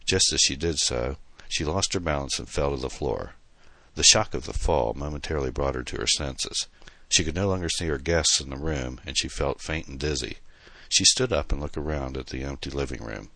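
A man's voice: very deep voice, normal speed, pushed and bright, dry recording. A man reading a novel aloud in dramatic, tense scripted narration. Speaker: audiobook narrator.

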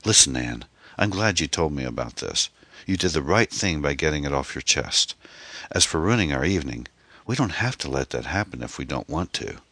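A man voicing a concerned, attentive man on a date in an audiobook, gentle and reassuring. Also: a bass voice, very animated, moderate pace, no echo, heavily acted. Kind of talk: audiobook character voice.

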